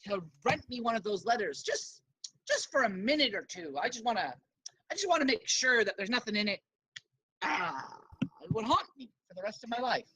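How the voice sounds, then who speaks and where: A woman's voice: fairly high pitch, very animated, moderate pace, bright, forceful tone, husky, no echo, full character voice, rough recording. A woman voicing a sly, tiny male thief guildmaster who talks in a hesitant, wheedling, conspiratorial way.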